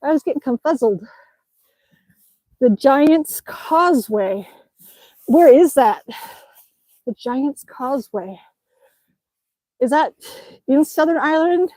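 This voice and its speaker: A chatty woman with a high, bright voice streams live from outside in the snow, reading viewers' comments aloud and laughing often. She sounds a little winded from exercise, and the sound is close and dry. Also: expressive, slow pace, long pauses, dry recording, low-quality recording. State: slightly out of breath from exercising outdoors. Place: outdoors in the snow.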